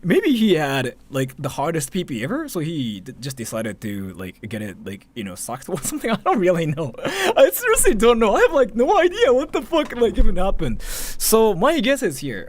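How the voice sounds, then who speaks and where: A man in his thirties from Japan with a Japanese accent, chatting casually on a livestream, animated, laughing often and swearing between filler words. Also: fairly high pitch. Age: 30s.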